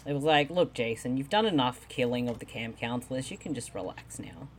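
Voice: medium pitch, lively intonation, brisk. A podcast co-host in casual movie chat, dry and sarcastic.

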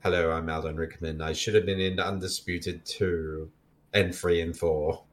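A man doing a low, sardonic impression of a haughty British actor. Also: flat delivery, moderate pace, natural voice.

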